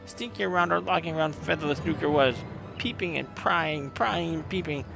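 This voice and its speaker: A man's voice: fairly high pitch, moderate pace, gravelly, over music, pitched above the performer's own voice. A man voicing a proud, fierce bird-man warrior who squawks and speaks in broken word order. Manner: excited, clipped.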